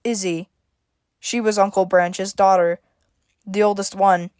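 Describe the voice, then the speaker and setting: A woman narrating a homemade story in an even, mid-pitched voice. The sound is dry and close, with no room around it. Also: unhurried, clean tone, dry recording. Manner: reads dialogue with shifting emphasis, stammers for a frightened character.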